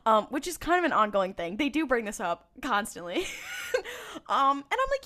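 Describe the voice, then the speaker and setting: A woman co-hosting a casual podcast, retelling episode scenes in a loose, rambling way. Her voice sits a little high, and she keeps dropping fillers and acting out bits of dialogue. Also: moderate pace. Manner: rambling, animated retelling with many fillers and acted quotes. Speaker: podcast co-host. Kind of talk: casual chat recapping a TV episode.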